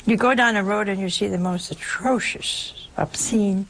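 A woman preaching an informal sermon in a conversational way, asking rhetorical questions and suddenly leaping up in pitch for emphasis. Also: moderate pace, a bit bright, a little hiss or hum.

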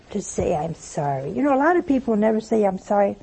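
A woman giving a sermon, mixing slow emphatic phrasing with humorous anecdotes. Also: medium pitch, vocal fry, mellow, slightly rough. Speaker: religious speaker. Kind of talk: sermon with storytelling.

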